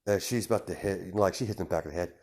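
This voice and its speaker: Man, low voice, loose improvised fan-story narration full of fillers. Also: fast, darkish tone. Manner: rambling, many restarts and "you know"s.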